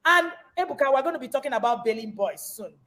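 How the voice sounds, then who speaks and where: A woman's voice: high-pitched, animated, fast, a crowd in the background. A woman hosting a parenting podcast, who speaks in a passionate, sermon-like way with sudden emphatic bursts. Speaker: podcast host.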